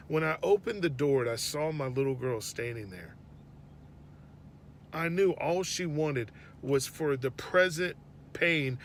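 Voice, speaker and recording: Father, slightly high voice, earnest devotional storytelling that often sinks to a hush, faint background noise. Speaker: father sharing a faith reflection.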